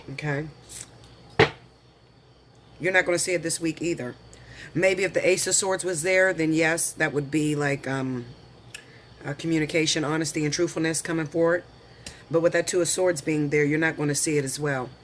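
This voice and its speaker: A man with a slightly high voice does a casual tarot reading over some background noise. Chatty and full of slang, he calls his viewers honey and girl, listing the cards slowly before talking through each one.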